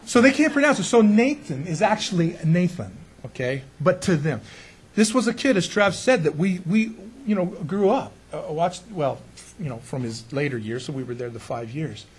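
A man's voice: on the high side, lively intonation, normal speed, husky. A man preaching as a pastor in a conversational sermon, often asking his congregation rhetorical questions and chuckling now and then.

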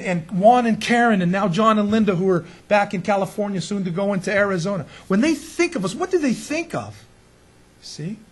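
A man's voice: high-pitched, breathy edge. A man preaching as a pastor in a conversational sermon, often asking his congregation rhetorical questions and chuckling now and then.

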